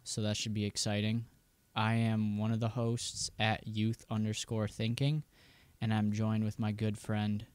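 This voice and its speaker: A man's voice: lowish voice, completely flat delivery, unhurried, darkish tone, clear, resonant tone, no echo. A man hosting a podcast in a laid-back, casual way, swearing now and then. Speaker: podcast host.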